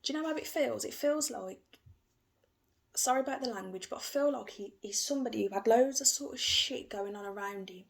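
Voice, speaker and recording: Gravelly-voiced woman reading tarot. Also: a little high, a little fast. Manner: gentle, repetitive, emotional. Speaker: tarot reader.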